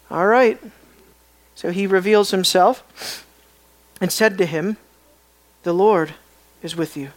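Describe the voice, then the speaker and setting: A Bible teacher giving an expository lecture, often pausing to put questions to the students. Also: medium pitch. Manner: questioning, emphatic, pauses to ask the class.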